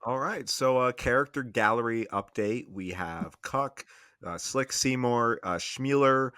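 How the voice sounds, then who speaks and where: A man co-hosting a podcast, teasing with deadpan mock questions in casual chat. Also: mid-range voice, measured pace, clean tone, dry recording. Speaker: podcast co-host.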